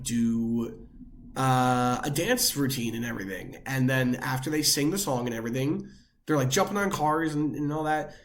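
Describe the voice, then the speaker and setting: A young man co-hosting a podcast, chatting casually and rambling with lots of filler words. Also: mid-range voice. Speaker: podcast co-host. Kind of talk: casual chat.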